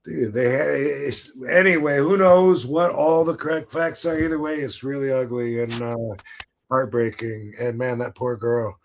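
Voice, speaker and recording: A man's voice: medium pitch, fairly even intonation, normal speed, gravelly, a little hiss or hum. A man hosting a podcast, telling a story in a laid-back, casual way, swearing freely and laughing now and then. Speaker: podcast host.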